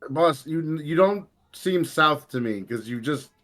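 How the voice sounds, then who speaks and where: A man's voice: fairly high pitch, animated, a little slow, a bit bright. A man from Long Island, New York, talking in casual podcast chat, telling stories and laughing easily.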